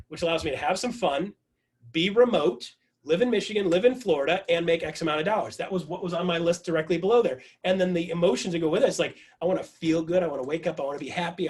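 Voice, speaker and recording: A man giving an energetic motivational talk to his team, telling a story with lots of repetition, speaking in an online video meeting. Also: fairly high pitch.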